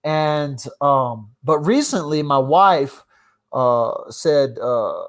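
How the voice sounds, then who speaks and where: A man hosting a casual live stream from his phone, ranting and swinging from loud outbursts to mumbled asides. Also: medium pitch, lively intonation, extremely slow. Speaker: livestream host.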